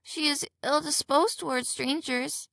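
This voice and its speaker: A woman voicing a sad young maiden from a fairy tale who speaks slowly and warns a traveller in a hushed, sorrowful way. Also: sits high, fairly even intonation, vocal fry, no echo, heavily acted. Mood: sad warning.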